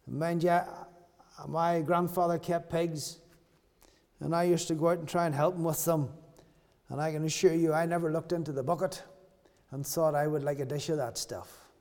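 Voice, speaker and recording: Male preacher, high pitch, earnest and repetitive, recorded with long hall reverb. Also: fairly even intonation, moderate pace, a little mellow. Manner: earnest, repeats key phrases for emphasis. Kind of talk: sermon.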